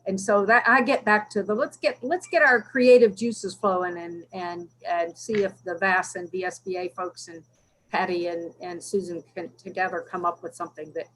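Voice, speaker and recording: A woman board member thinks aloud in a meeting, stumbling through restarts and repeated words. Her pitch is mid-range, and faint background noise sits under her voice. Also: steady tone, a bit bright, rough recording. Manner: halting, many restarts and stammers. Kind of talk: meeting discussion.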